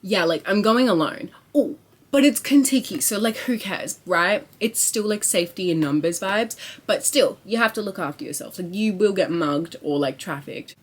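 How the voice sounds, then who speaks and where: Excitable young woman vlogger. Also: medium pitch, moderate pace. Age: young adult. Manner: excitable, swearing, rambling with lots of likes. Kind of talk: casual chat to camera.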